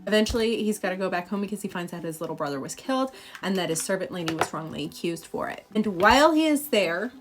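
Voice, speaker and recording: A woman's voice: mid-range voice, animated, fast, slight background noise. A young adult woman telling a story as a comedic casual retelling, chatty and sarcastic, full of filler words. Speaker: comedic book summarizer.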